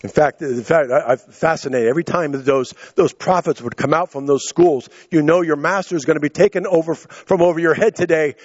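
A high-pitched man preaching to his church, winded and out of breath as he goes. He voices the quotes in his story and stammers through restarts on the way to each point. The sound is dull and muffled, as if close and dry with the highs rolled off. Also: a little fast, few pauses, dry recording. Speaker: pastor. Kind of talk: sermon.

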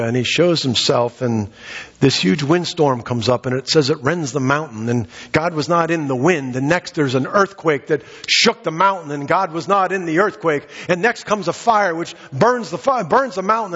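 A man's voice: fairly high pitch, moderate pace, fairly bright tone. A man preaching a sermon, retelling scripture and asking his congregation rhetorical questions. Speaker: pastor. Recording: reverberant hall, dull muffled sound.

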